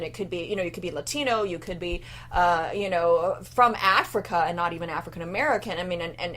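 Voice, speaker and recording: A woman co-hosting a podcast in casual chat, talkative and full of fillers, often trailing off quietly. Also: lowish voice, a little hiss or hum. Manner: chatty, many fillers, trails off softly at ends of thoughts. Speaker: podcast co-host.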